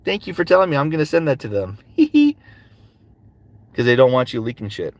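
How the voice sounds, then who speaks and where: A man's voice: mid-range voice, huge pitch swings, a little fast, no room sound. A male voice actor chatting casually with fans and answering their questions, slipping into character voices between answers. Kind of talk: casual livestream Q&A with impressions.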